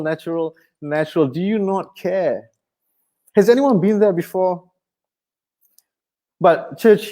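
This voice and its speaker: A man preaching a sermon in an animated, conversational way with touches of humor. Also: high voice. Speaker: pastor.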